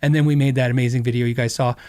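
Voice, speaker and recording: A man's voice: medium pitch, level tone, very fast, a little mellow. A middle-aged man hosting a podcast, telling a story in a casual, rambling way, laughing often and acting out quotes. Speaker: podcast host.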